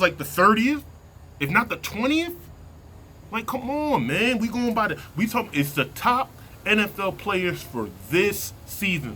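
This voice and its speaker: A man vlogging a heated sports opinion rant from inside a vehicle, slangy and worked up, repeating himself and sinking into low mutters. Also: pushed and bright, slight background noise.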